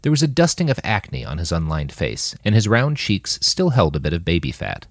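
A man narrating an audiobook chapter in a scripted, expressive reading on a close mic. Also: low-pitched, moderate pace, no room sound. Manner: expressive, wide-ranging reading.

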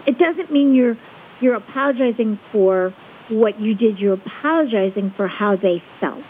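Calm woman on a tinny phone line. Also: a little high, a little hiss or hum. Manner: calm, measured, checks in with "okay?". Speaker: guest expert on conflict resolution. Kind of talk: explaining a technique step by step.

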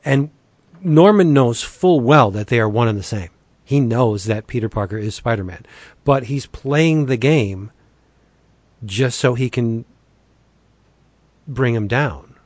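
A man in casual chat, excitedly recapping a story with many restarts and little acted quotes. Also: medium pitch, a little slow, pauses often, no echo. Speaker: podcast co-host reviewing comics.

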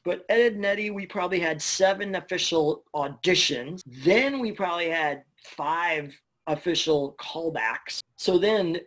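A man, a voice actor, telling stories in a casual interview, chatty and animated, swearing now and then. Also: on the high side, unhurried, hardly any pauses. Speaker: voice actor guest.

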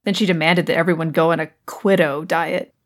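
A dry, sarcastic young woman, endlessly exasperated with her roommates, as played by a woman. Her voice sits slightly low, and her lines are from a comedy audio play. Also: fairly even intonation, fairly quick, close to an everyday voice.

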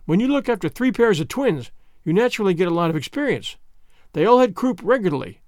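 A man's voice: high voice, sing-song, quick pace, darkish tone, dry recording. An eager, dreamy girl, as a man reading a storybook puts her on, chattering on in long, earnest runs. Her voice swings freely up and down. The sound is dry and close.

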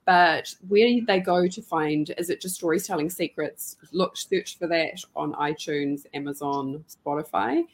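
A woman's voice: sits low, measured pace, few pauses. A woman hosting a podcast interview, chatting casually and effusively in long run-on bursts. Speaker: podcast and radio show host.

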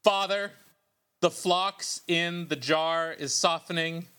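A man voicing a pretentious poet at a reading, in a slow, solemn sing-song cadence. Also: fairly high pitch, fairly even intonation, pushed and bright, clean tone. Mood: mock solemn.

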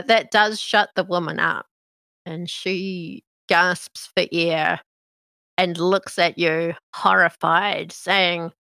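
A woman narrates a tabletop game as game master, taking her time over each line. Her voice is bright and a little low, recorded dry and close. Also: gravelly, no room sound.

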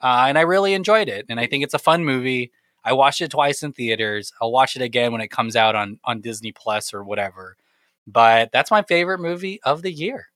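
Bright-voiced rambling podcast co-host man. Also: mid-range voice, expressive, fairly quick, no echo. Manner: rambling, laughs often, self-deprecating. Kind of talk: casual podcast chat.

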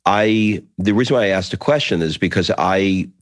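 Deep-voiced man in his fifties, dry sound. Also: no room sound. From New York. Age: 50s. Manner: probing, quick and halting with restarts. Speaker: podcast host. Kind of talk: interview conversation.

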